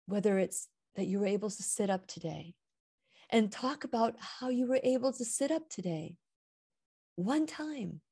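A woman's voice: medium pitch, expressive, normal speed, warm tone, husky. Earnest woman hosting an inspirational talk. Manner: earnest, heartfelt, rises and falls with emphasis. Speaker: radio show host.

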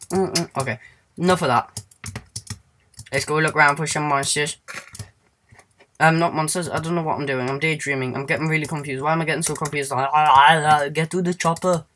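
A man's voice: on the high side, pushed and bright, a little hiss or hum. A man giving casual let's-play commentary in a goofy, rambling way, humming and singing to himself and squealing now and then.

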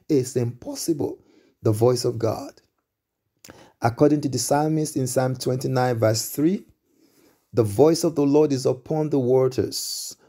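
A man's voice: medium pitch, dark tone, breathy edge. A man preaching a sermon in a repetitive cadence, with stammered restarts and emphatic exclamations. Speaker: pastor.

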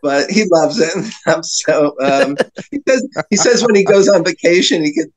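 A man's voice: a little high, expressive, normal speed, low-quality recording. A man telling long rambling anecdotes as a podcast guest, with frequent fillers and laughter. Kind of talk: storytelling in casual chat.

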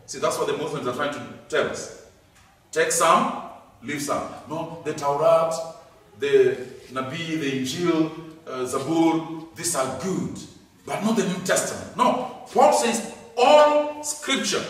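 A man preaching a sermon, emphatic, repeating key words and swinging between loud and soft. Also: a little high, expressive, measured pace. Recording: echoey hall, distant mic.

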